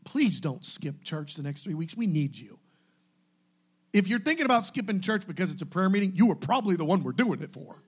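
A man preaching to his church, impassioned and exhorting, swinging from quiet pleading to shouting. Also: sits high, big pitch swings, brisk, husky. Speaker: pastor. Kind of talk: sermon.

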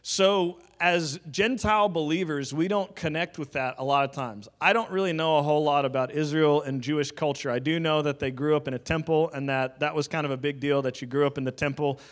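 Guy preaching a sermon, a bit higher voice, super conversational, tosses in like and you know, cracks little jokes. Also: steady tone, brisk, few pauses. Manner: conversational teaching with casual fillers and joking asides.

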